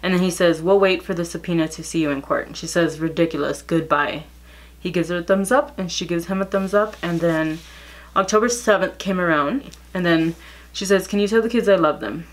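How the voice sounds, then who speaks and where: Blunt, gossipy woman with a low-ish voice. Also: fairly quick. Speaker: vlogger telling a story. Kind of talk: casual storytime, reading out text messages.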